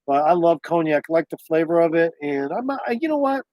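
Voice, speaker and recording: A man's voice: on the high side, very animated, quick pace, darkish tone, no echo. A man livestreaming from home, talking in a loose, meandering way with a lot of swearing. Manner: loose, profane, meandering talk. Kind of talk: casual rambling livestream chat.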